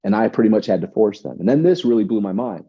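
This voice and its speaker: A man's voice: fairly low pitch, animated, fast talker, breathy edge. A man telling stories as an interview guest, emphatic and repeating words as he talks. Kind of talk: conversational interview. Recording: dull lo-fi sound.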